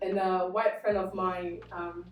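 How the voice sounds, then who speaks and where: A woman's voice: on the low side, a little slow, distant mic, lo-fi sound. A young woman with a light Australian lilt talks casually in a group chat, acting out little scenes as she tells them. She sits back from the mic in a roomy, echoing space, with faint music underneath. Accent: slight Australian. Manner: animated storyteller, acts out dialogue.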